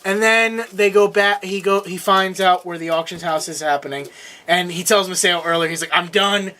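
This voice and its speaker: A young man co-hosting a casual review chat, talking excitedly, laughing often and acting out lines from the show. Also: high-pitched, moderate pace. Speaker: co-host.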